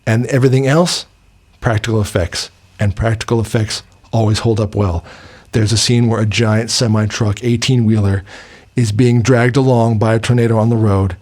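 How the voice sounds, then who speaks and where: A man's voice: on the low side, steady tone, normal speed, a little mellow. Rambling man reviewing a film. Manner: rambling, with many fillers and restarts. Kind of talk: casual movie review.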